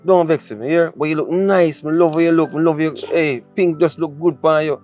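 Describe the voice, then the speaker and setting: A man's voice: fairly high pitch, moderate pace, darkish tone, faint music behind, natural voice. A man with a Jamaican accent playing a sweet-talking boyfriend in a comedy skit, coaxing and repeating himself in patois.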